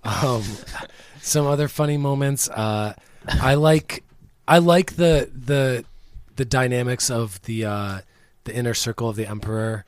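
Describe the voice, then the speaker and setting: A man in easy podcast chat about a film, his voice sitting at an ordinary middle pitch. The recording is dry and close, with no room around him. He talks casually and animatedly, breaking into laughter as he retells scenes. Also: unhurried, clean tone, no echo. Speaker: podcast co-host.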